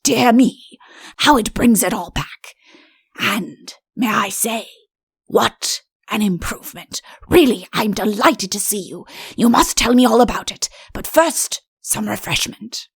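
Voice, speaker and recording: A woman's voice: on the high side, animated, unhurried, vocal fry, slightly rough, no room sound, studio quality, exaggerated voice. A woman voicing a genial, bumbling male fairy-tale king, hearty and exclaiming.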